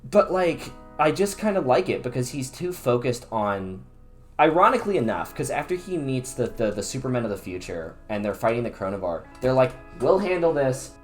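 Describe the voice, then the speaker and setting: Man, podcast co-host, casual comics chat, mid pitch, excitable, rambling restarts. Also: fairly quick, faint music behind. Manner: enthusiastic, rambling, stammering restarts.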